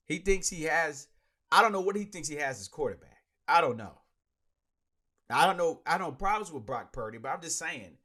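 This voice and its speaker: Man, podcast host, lively swinging pitch, bright forceful tone, ranting and joking. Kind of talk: casual solo sports talk.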